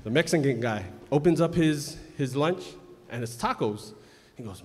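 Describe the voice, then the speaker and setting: A man hosts a live pageant from the stage, chatting and spinning a drawn-out joke for the crowd. His voice sits at a middling pitch and carries through a microphone. A long reverb from the big hall trails every phrase. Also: lively intonation. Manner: chatty, storytelling, loud announcements. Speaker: pageant emcee. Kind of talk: live emcee banter and joke telling. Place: large indoor event hall.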